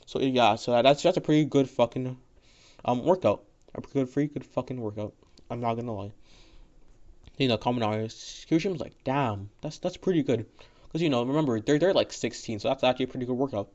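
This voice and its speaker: A man's voice: medium pitch, fast, darkish tone. Guy rambling thru a fan story, swears a lot, tons of "you know", mid voice, muffled lo-fi audio. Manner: rambling, profane, full of fillers and restarts. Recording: dull lo-fi audio.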